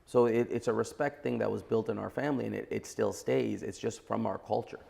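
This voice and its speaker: Man in his forties, very gravelly voice, blunt emphatic talk, podcast guest. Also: lowish voice, fairly even intonation, brisk, warm tone. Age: 40s. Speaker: entrepreneur guest. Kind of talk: podcast interview.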